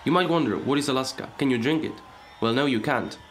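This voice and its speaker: Deadpan comic narrator, man. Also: medium pitch, fast talker, very noisy. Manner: deadpan, sarcastic. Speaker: host. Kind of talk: comedic scripted narration.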